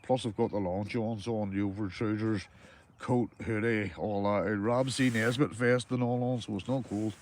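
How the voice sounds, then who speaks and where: A Northern Irish man livestreams from a small tent while fishing, chatting casually to viewers, greeting each by name and calling them mate. His lowish, darkish voice is fairly even in intonation at a moderate pace, captured on a phone or camera with slight background noise.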